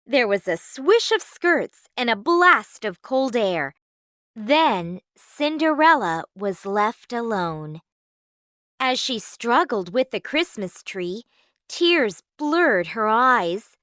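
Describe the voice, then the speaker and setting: A woman reading a children's storybook aloud in a clear, measured, expressive way. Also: on the high side, dry recording, clean studio sound.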